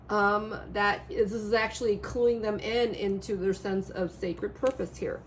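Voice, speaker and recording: A woman reading tarot cards in a rambling, animated way, her voice a little hoarse, often checking in with the listener. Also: medium pitch, slight background noise. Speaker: tarot reader. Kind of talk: casual spiritual reading to camera.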